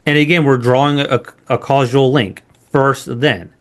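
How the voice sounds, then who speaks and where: A man teaches a training lesson conversationally in a steady, mid-range voice at a moderate pace. He keeps checking in with rhetorical "right?" tags.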